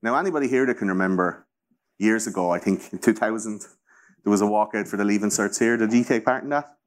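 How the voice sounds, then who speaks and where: A man's voice: lowish voice, fast talker. Irish man, rambling and profane. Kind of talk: casual chat.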